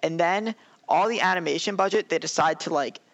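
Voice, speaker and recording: Young male co-host, animated rant, slightly high voice, dry close sound. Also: fairly quick, no room sound. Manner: animated, ranting, acts out characters' lines. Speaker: podcast co-host. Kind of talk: casual anime review chat.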